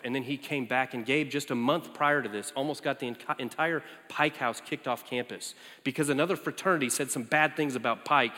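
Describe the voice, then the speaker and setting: A man preaching as a campus minister, telling a story in an animated way and leaping high in pitch for quoted lines. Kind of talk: storytelling sermon. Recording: echoey hall.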